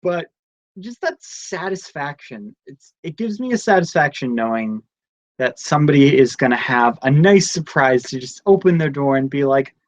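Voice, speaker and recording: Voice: mid-range voice, expressive, moderate pace, no room sound. A young adult host chatting casually on a live stream at home, telling rambling stories in a chatty way. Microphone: device camera mic close up.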